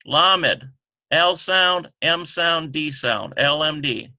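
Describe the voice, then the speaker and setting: A man teaching a lesson over a screen recording, talking haltingly with many ums and self-corrections. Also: on the high side, expressive, bright, forceful tone, dry recording.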